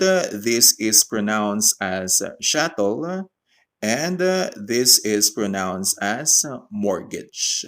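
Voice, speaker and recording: Guy lecturing real slow, deliberate, somewhat low voice. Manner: slow, deliberate, switches between English and Tagalog. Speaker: teacher. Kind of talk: recorded lecture.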